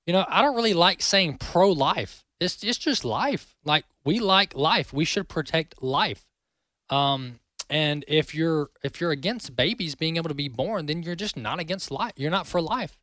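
A man's voice: a little high, animated, measured pace, pushed and bright, dry recording. A male talk show host giving opinionated commentary in an emphatic, indignant manner.

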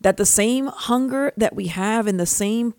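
A woman's voice: fairly high pitch, measured pace, a little mellow, no room sound, studio quality. A woman co-hosting a Christian talk show, telling stories in a sincere, reflective way. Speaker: co-host. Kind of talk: Christian podcast conversation.

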